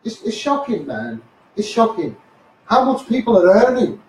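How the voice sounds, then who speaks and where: A Scouse man with a very high voice rants angrily through a live stream. He swears, trips over repeated words and keeps coming back to "mate" and "you know". His voice sounds distant and bounces around an echoey room. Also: very animated, normal speed, a little mellow. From Liverpool, England. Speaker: activist livestreamer. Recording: echoey room, voice far from the mic.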